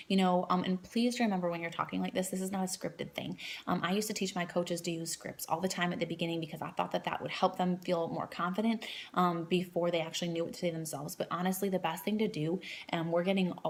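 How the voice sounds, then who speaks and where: A woman's voice: on the low side, a little hiss or hum. A woman in her thirties giving a casual training talk to new coaches, rambling with lots of fillers and restarts.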